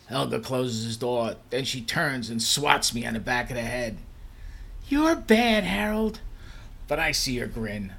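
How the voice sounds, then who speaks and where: A man's voice: medium pitch, fairly even intonation, normal speed, vocal fry, hardly any pauses, bright, forceful tone. A man reading a first-person story in a dry, matter-of-fact way.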